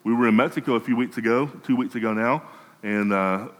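A man's voice: mid-range voice, fairly quick, long reverb tail, poor audio. A man preaching a sermon in a conversational way, often restarting and repeating words. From United States.

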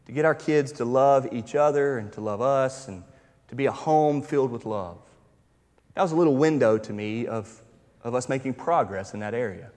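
Man, 30s, pastor, sermon, somewhat high pitch, emphatic storytelling, long hall reverb. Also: moderate pace.

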